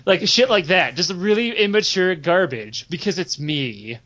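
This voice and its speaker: A young man spins a rambling, profanity-laced story with loose giggles, his voice sitting a bit high for a man. The audio is dull and lo-fi. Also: lively intonation, measured pace, fairly bright tone. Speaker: podcast host. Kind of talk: casual storytelling chat.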